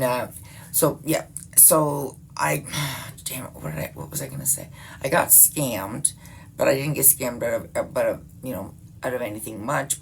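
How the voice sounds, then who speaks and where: A woman's voice: extremely low pitch, creaky, a little hiss or hum. A woman in her fifties chatting casually to her viewers, swearing freely and laughing often. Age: 50s. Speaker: vlogger. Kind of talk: casual rambling chat.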